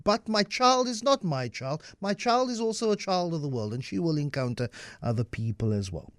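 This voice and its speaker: A South African man hosting a morning radio talk show, speaking in an animated, conversational way into a studio microphone. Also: a little high, moderate pace, no echo.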